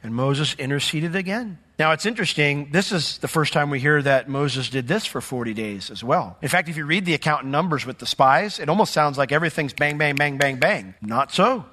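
Animated male preacher in a reverberant hall. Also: fairly high pitch, brisk, hardly any pauses. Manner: animated preaching, acts out quoted voices. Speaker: pastor. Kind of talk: sermon. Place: church sanctuary.

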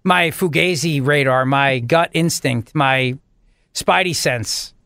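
A man's voice: mid-range voice, slow, creaky, sharp tone, no room sound, clean studio sound. A man hosting a radio talk show, bantering in a jokey, mock-dramatic way. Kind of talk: casual radio chat.

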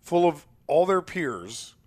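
A man's voice: on the high side, sing-song, takes it slowly, a little mellow. A middle-aged man co-hosting a radio talk show, chatty and opinionated, often stumbling over and repeating words. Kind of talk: casual morning radio banter.

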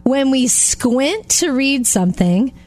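A woman's voice: high-pitched, animated, slow, darkish tone. A woman co-hosting a radio show, telling short feature stories in an upbeat way. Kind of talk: reading light news stories on radio.

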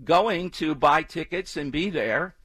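A talk radio host with a slightly high voice, hammering his points home through repetition. He speaks in an emphatic, opinionated monologue, recorded on a dry, close studio mic. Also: expressive, takes it slowly, fairly bright tone, no room sound. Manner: emphatic, repetitive, mocking chants with exaggerated inflection.

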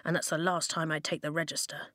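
A woman's voice: little pitch movement, quick pace, a bit bright, dry recording, studio quality. A woman voicing a suspicious, grumpy boy twin who mutters and sputters. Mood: grumbling. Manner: low muttering, then sputtering outrage.

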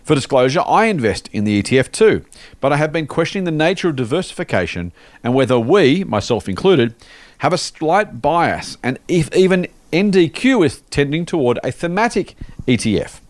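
Lively man hosting a podcast. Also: on the high side, moderate pace, dry recording. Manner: jokey, conversational, lots of fillers. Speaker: podcast host. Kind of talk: casual podcast chat reading listener mail.

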